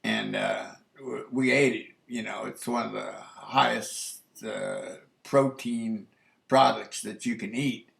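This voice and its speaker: Slow, gravelly man telling a story. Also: fairly even intonation, a bit bright. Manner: rambling, halting, full of restarts and "you know"; rises sharply in pitch for incredulous asides. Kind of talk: casual personal storytelling. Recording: echoey room.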